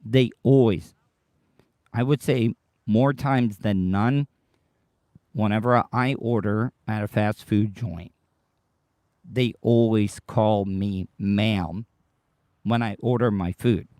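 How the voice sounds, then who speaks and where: A man hosting a livestream podcast in a rambling, excitable chat, his voice strained and tired, swearing casually. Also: fairly low pitch, slow, long pauses, no echo, clean studio sound. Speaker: podcast host.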